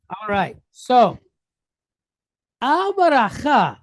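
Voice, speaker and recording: A woman teaches a Hebrew lesson at an unhurried, deliberate pace, with a mid-range voice. She takes it step by step and often puts a question to the class before answering it herself. The sound is dry and close, with little room. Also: mid-range voice, expressive, darkish tone, no room sound.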